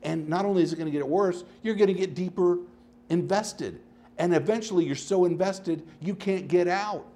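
A man hosting his own podcast, talking casually and rambling through stories, swinging between animated bursts and low asides. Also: moderate pace. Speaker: podcast host. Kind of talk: casual solo podcast monologue.

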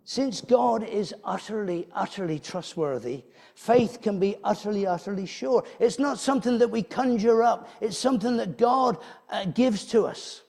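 In a church, a preacher with a fairly high yet gravelly, dark-toned voice delivers a sermon. He speaks conversationally, poses rhetorical questions to the congregation and often restarts his phrases.

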